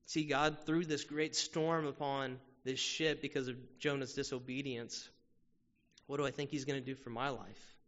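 A muffled recording with long hall reverb captures a pastor's sermon in a church sanctuary. His mid-range voice has fairly even intonation, a normal speed and a fairly bright tone as he chats with the congregation and poses frequent rhetorical questions.

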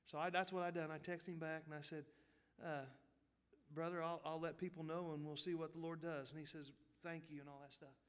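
A man preaching a sermon, telling a folksy story, dropping to quiet asides and rising to loud, fervent peaks. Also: on the high side, little pitch movement, a little fast, smooth, long reverb tail. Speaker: pastor.

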